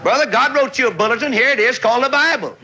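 A man's voice: extremely high pitch, fast talker, crowd noise, rough recording. A man preaching a revival tent sermon in a fiery, folksy, scolding way. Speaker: evangelist preacher. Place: large revival tent with crowd.

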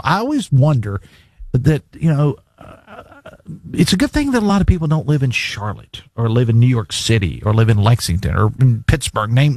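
A man's voice: medium pitch, a little mellow, no room sound. A man hosting a casual talk radio show, chatting and reading listener texts in a studio. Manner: chatty, conversational, laughs easily. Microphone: studio microphone.

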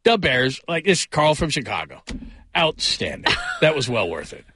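A man's voice: mid-range voice, big pitch swings, normal speed, pushed and bright, husky, no echo. A man hosting a sports talk radio show, upbeat and full of big praise. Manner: upbeat, hyperbolic, loose.

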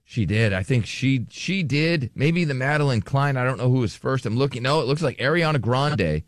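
A man's voice: mid-range voice, animated, fairly quick, no echo, clean studio sound. A man hosting a radio show, chatting casually and joking, often trailing off and restarting. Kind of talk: casual chat.

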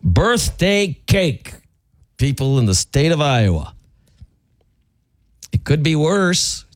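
A man's voice: mid-range voice, big pitch swings, takes it slowly. A man hosting a radio show, quizzing his co-hosts in a playful, teasing way. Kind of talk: casual radio banter. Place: radio studio.

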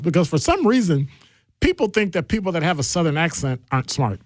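A middle-aged man hosts a call-in radio talk show with a jokey, animated delivery. His voice sits a bit high and swings widely in pitch. The studio sound is dry and close. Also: a little fast, no echo.

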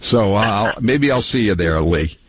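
An older man hosting a talk radio show, rambling and sarcastic, with many halting restarts. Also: fairly low pitch, expressive, breathy edge, no echo, poor audio.

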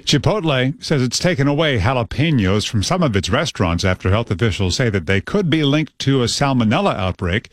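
A man's voice: medium pitch, big pitch swings, a little fast, hardly any pauses, dry recording. Guy reading radio news, bouncy intonation, dry close mic. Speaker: news anchor. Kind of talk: newscast reading.

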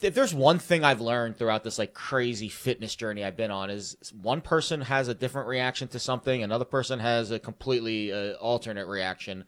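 A man's voice: mid-range voice, a bit bright. A man on a casual sports talk panel who rambles and reaches for homespun comparisons.

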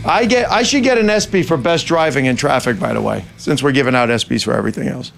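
A man's voice: mid-range voice, quick pace, creaky, fairly bright tone, soft background music. A man, a comedian guest, joking and defending himself in casual comedic banter.

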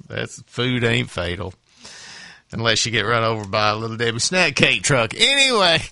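A man hosts morning radio in a rambling, chuckling way, his voice gravelly with a forward, bright edge. The sound is dry and close. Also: mid-range voice, dry recording. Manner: chuckling, rambling, with many fillers. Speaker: radio host. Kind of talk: casual morning radio chat.

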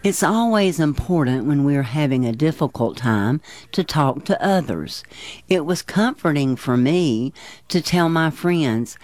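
Slow, gentle male Bible teacher. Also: on the high side, animated, dry recording. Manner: slow, soothing and earnest. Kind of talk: gentle devotional talk for children.

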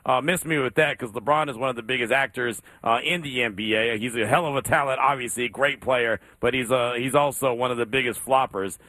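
A man's voice: medium pitch, a little fast, few pauses, bright, forceful tone, no echo. A man hosting a sports talk radio show, emphatic and repeating points for effect.

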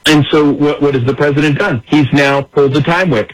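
A man's voice: fairly high pitch, steady tone, fairly quick, few pauses, low-quality recording. A man giving emphatic political commentary in an interview, acting out the words of others as he explains. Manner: emphatic, acts out quoted speech.

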